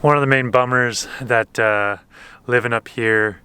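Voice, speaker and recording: A man's voice: medium pitch, fairly even intonation, a little slow, bright, forceful tone, clear, resonant tone. A man rambling to his camera as he vlogs casually outdoors, stopping and restarting and laughing at his own troubles. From Canada. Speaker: vlogger living on a boat. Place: outdoors on the water and at a horse paddock. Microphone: camera mic.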